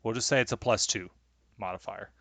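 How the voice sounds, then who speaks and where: A man's voice: fairly low pitch, brisk, creaky, fairly bright tone, no echo. A man running a tabletop game as game master, talking with many hesitations and fillers.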